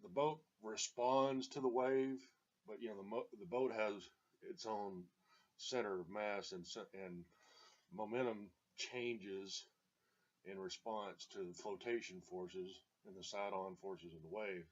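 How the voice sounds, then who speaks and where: A man's voice: lowish voice, steady tone, a little slow. A man reminiscing in casual storytelling, rambling with many fillers and chuckles, in a dull lo-fi recording.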